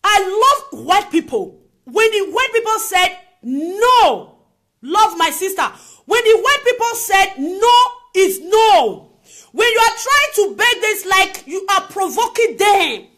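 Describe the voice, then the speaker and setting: A woman with a Nigerian accent speaks straight to her viewers in a very high, bright, sharp voice. She is emphatic, repeats her phrases for weight and keeps firing rhetorical questions. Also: sing-song, slow pace. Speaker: vlogger. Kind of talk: impassioned opinion monologue to camera.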